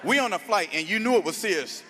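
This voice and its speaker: High, bright-voiced stand-up comedian man. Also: fast. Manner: animated, loud, laughing through punchlines.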